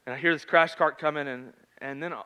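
A man in his thirties preaching a sermon in a conversational storytelling manner, swinging between loud and hushed. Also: on the high side, fairly even intonation, quick pace, smooth, dull audio. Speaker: pastor.

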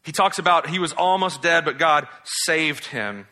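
A man preaching a sermon as pastor, reading scripture and acting out quotes with lively, mocking emphasis. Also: on the high side, measured pace. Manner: animated, mocks in exaggerated voices while quoting.

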